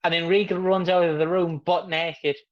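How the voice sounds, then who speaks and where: A man's voice: a little high, flat delivery, normal speed. A man in his twenties co-hosting a podcast, chatting casually, rambling and joking. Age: 20s. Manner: rambling, joking, acts out quotes. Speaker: podcast co-host. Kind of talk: casual chat. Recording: dull lo-fi mic.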